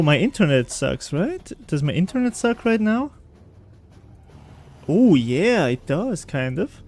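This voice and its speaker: A man chatting casually as he plays through a game on stream, joking and talking to himself and his viewers. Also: high voice. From Britain. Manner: animated, jokey, talks to himself and chat. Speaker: gaming streamer. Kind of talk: casual let's-play commentary.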